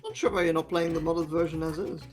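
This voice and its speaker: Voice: medium pitch, fairly even intonation, fast talker, faint music behind. A friend chatting with a streamer during gameplay, making wry remarks. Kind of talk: casual chat.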